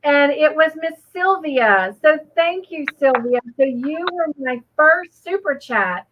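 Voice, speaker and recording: A woman's voice: high voice, animated, slow, lo-fi sound, background noise. A woman, co-hosting a casual crochet livestream, rambling earnestly with many fillers and restarts. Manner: earnest and grateful.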